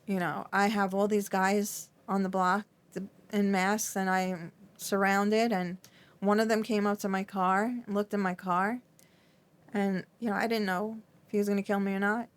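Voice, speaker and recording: A middle-aged woman talking as a podcast guest, her voice shaky as she recounts something painful, often halting, restarting and filling with "like". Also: mid-range voice, level tone, smooth. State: shaky, trembling. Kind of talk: emotional interview recollection.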